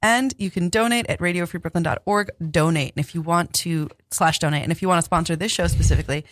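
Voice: medium pitch, quick pace, no room sound, clean studio sound. A co-host of a community radio show reading station announcements and teasing the others. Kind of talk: casual radio banter.

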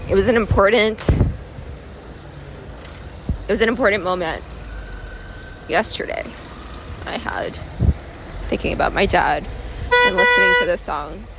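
A woman's voice: mid-range voice, animated, a little slow, pauses often, noisy background. A woman talking candidly and emotionally in a personal vlog, rambling with many fillers, recorded outdoors in a city. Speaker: vlogger.

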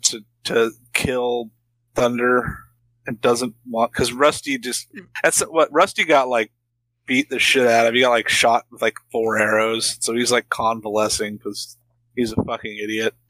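A wry man on a podcast who laughs easily and keeps tossing in jokey asides. His voice is bright and forward, recorded close and dry with no room sound. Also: mid-range voice, fairly even intonation, measured pace, dry recording, poor audio. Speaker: podcast co-host. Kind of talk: casual movie-recap chat.

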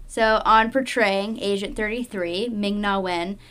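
A woman's voice: mid-range voice, fairly even intonation, unhurried, a bit bright, slight background noise. A young woman co-hosting a podcast, chatting playfully about a TV show and adding trivia. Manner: playful, giggly, adds trivia. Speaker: podcast co-host, veteran viewer. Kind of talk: casual chat about a TV show.

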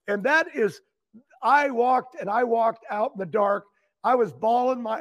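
A man's voice: extremely high pitch, measured pace. An older man telling a long, emotional story as a guest, rambling and repeating words as he gets worked up. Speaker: guest, retired champion racer.

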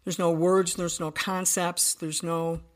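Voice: medium pitch, little pitch movement, slow pace. A podcast guest telling a personal story in earnest detail, often restarting sentences.

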